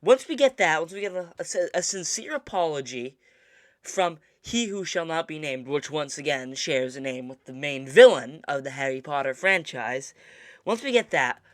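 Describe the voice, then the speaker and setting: A man's voice: a little high, animated, moderate pace, no room sound, studio quality. A man co-hosting a casual podcast, talking in mock-serious indignation with lots of stammered restarts. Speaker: podcast co-host. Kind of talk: casual chat.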